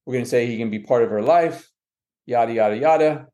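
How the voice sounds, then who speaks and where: A man's voice: mid-range voice, brisk. A man, a guest on a podcast, telling a long personal story and acting out what others said, with frequent restarts and self-corrections. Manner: lively, quotes others with "she goes" and "I said". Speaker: guest, adoptive father.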